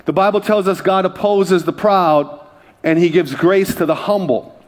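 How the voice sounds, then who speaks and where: Pastor guy preaching at church, jokey storytelling, fairly high voice. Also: moderate pace. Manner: conversational, humorous, asks congregation for responses. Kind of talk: sermon with personal stories. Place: church service.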